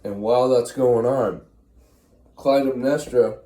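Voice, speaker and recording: Mellow-voiced man rambling through a crude retelling. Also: medium pitch, fairly even intonation, unhurried, echoey room. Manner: rambling and crude, chewing gum while talking. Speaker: storyteller. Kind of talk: comedic retelling of a classic play.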